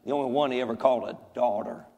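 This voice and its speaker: A pastor preaching a sermon, folksy and joking, with emphatic repetition. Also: male voice, medium pitch, fairly even intonation, quick pace, a little mellow. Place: large church hall. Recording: echoey church hall.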